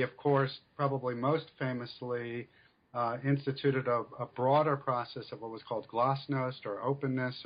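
A male author answering interview questions in a measured, explanatory way with frequent fillers. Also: mid-range voice, highs cut off. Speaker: author guest.

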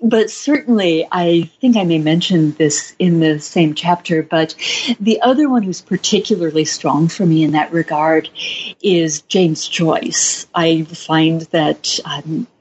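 A woman speaks slowly and thoughtfully, her voice slightly husky and a little low. She answers interview questions in a measured, reflective way. The recording sounds dull and lo-fi. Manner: reflective, measured, with soft laughs. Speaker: author being interviewed.

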